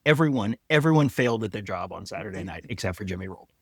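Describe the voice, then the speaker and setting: Man, podcast co-host, lively swinging pitch, dry close mic, wry storyteller. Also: fast, husky, no echo. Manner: wry, animated storytelling with mock voices. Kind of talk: casual sports chat.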